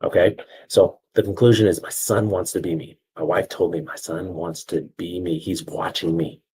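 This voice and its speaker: A man's voice: deep voice, fairly even intonation, normal speed, darkish tone, slightly rough, rough recording. A man coaching on video storytelling, telling a personal family story in a conversational way and checking in with his listeners.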